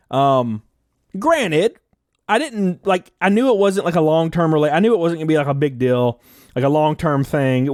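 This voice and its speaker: A man's voice: high voice, no room sound, studio quality. A young man telling relationship stories in a casual, profane and jokey way on a live stream. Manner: animated, profane, jokey storytelling. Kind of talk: casual storytelling to camera.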